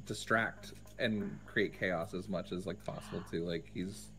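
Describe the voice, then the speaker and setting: A man's voice: sits low, steady tone, a little slow, fairly bright tone. A man playing a tabletop game, explaining in a rambling way full of fillers. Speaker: player. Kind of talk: tabletop role-play.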